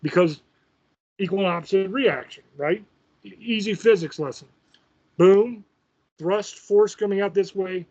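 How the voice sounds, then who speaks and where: High-voiced man telling a profane story. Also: lo-fi sound. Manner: profane, animated, self-mocking. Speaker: host. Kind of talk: casual storytelling.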